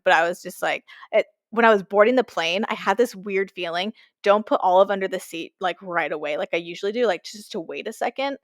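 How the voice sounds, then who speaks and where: A woman co-hosting a podcast, telling an animated story in casual chat, with lots of fillers. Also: medium pitch, quick pace, no echo, clean studio sound. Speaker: podcast co-host.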